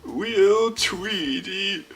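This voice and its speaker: A student acting a gossiping old Southern townswoman in a school video, talking in a slow, drawn-out, old-fashioned way. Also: mid-range voice, lively intonation, husky, soft background music, full character voice. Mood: gossipy.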